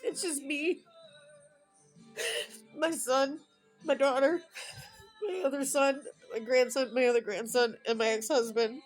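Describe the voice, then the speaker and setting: A woman's voice: high-pitched, fairly even intonation, a little slow, pauses often, faint music behind, poor audio. A woman in her fifties talking alone at home in a rambling, emotional personal vlog. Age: 50s. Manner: emotional, rambling, tearful at times. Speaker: vlogger.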